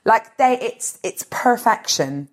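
A woman's voice: on the high side, animated, slow. A woman comedian talking as a podcast guest, gushing about films and tripping over repeated words. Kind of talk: casual comedic interview.

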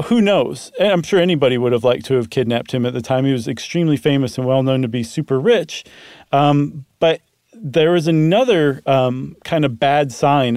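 A man's voice: medium pitch, a little mellow, no echo, studio quality. A man co-hosting a podcast, telling a story in a casual chatty way with frequent ums. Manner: conversational storytelling with frequent um fillers. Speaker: podcast co-host. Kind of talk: casual chat.

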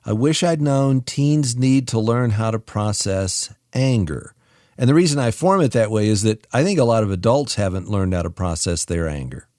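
Calm radio host guy, low voice, thoughtful, dry studio sound. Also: moderate pace, no room sound. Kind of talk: talk show conversation.

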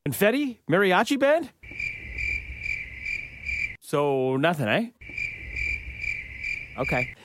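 A man's voice: a little high, big pitch swings, slow pace, pauses often, noisy background. A man co-hosting a radio show, talking in playful, teasing banter from a studio.

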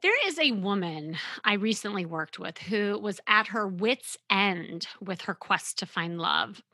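A middle-aged woman hosting a podcast, telling a client story as an animated, emphatic storyteller. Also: mid-range voice, a little slow, dry recording. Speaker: podcast host and dating coach.

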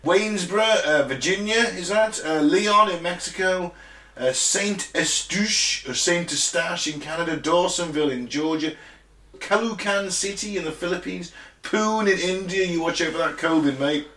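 A British man co-hosting a podcast in loose, cheeky banter, swearing freely and joking. His voice is bright and sits a little high. The room gives it a roomy echo. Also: normal speed. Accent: British English. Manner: sweary, joking, laughs often. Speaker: podcast co-host. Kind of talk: casual banter, reading listener locations.

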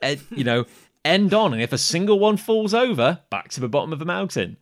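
A man's voice: on the high side, very animated, brisk. A man co-hosting a casual podcast chat, telling a story with self-mocking animation. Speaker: podcast co-host.

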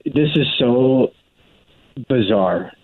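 A man's voice: medium pitch, expressive, very slow, no room sound. A man calls in and sounds baffled and exasperated, pressing with question after question. His voice is thin and tinny over a phone line, with a dry sound. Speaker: caller. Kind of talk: phone-in radio chat.

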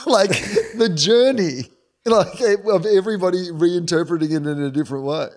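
A man's voice: fairly high pitch, moderate pace, a little mellow. A man co-hosting a casual sports chat, musing and asking loose questions. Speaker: podcast co-host.

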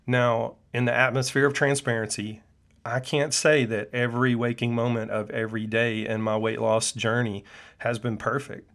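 A man's voice: mid-range voice, little pitch movement, normal speed, a bit bright. Earnest middle-aged man giving a monologue. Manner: earnest, preachy, with frequent "uh" fillers. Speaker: podcast host and functional medicine clinician. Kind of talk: personal monologue.

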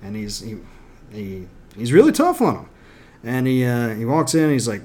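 A man's voice: mid-range voice, very animated, moderate pace, a little mellow. Irreverent man retelling a show. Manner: irreverent, emphatic, slips into acted quotes.

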